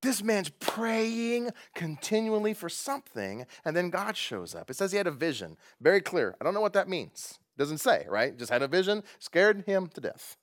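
Animated, laughing male pastor preaching. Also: high voice, normal speed, hardly any pauses. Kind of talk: sermon. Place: church gathering.

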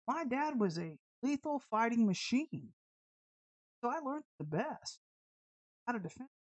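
A brash woman preaches in a loose, storytelling style, leaning hard on her words with plenty of sass. Her voice sits a little high, and the sound is dry and close with no room around it. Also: no echo. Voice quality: brash, sassy, emphatic. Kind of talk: informal online sermon with storytelling.

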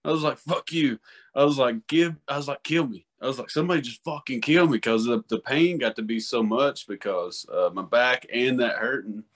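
A man's voice: mid-range voice, fairly quick, hardly any pauses. Profane rambling man hosting a chat. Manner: profane, rambling, animated storytelling. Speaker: podcast host. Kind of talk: casual chat.

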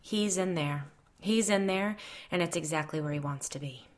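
A woman voicing a blunt middle-aged female psychic who speaks gravely and firmly. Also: fairly low pitch, moderate pace, close to an everyday voice. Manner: blunt, commanding.

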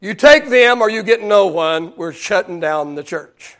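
A man's voice: high voice, expressive, unhurried, a bit bright, voice pushed down. A man voicing a firm church presbyter who lays down an ultimatum in a commanding way.

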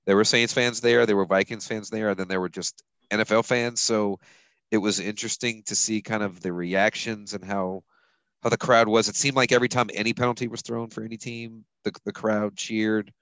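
Male podcast host, lowish voice, dry close sound, chuckly and rambling. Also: steady tone, a little fast, a bit bright, smooth, no echo, poor audio. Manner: chuckles often, loose and rambling. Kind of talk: casual sports chat.

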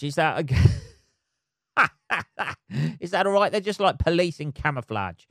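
A man hosting a podcast on his own, rambling in a sweary, self-mocking casual monologue from his flat at home. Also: a little high, slow, long pauses, dry recording, clean studio sound. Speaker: podcast host. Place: flat at home below noisy neighbours.

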